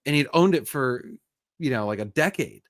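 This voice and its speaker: A man hosting a casual live chat, telling a story with lively bursts and frustrated sighs. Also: medium pitch, moderate pace, no room sound, studio quality. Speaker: host.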